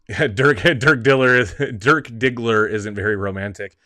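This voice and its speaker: A man hosting a casual film show, with a bright, forward voice in a dry room. He rambles through his points, trails off and laughs along the way. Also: lowish voice, moderate pace, few pauses, no room sound. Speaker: host. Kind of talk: casual movie talk.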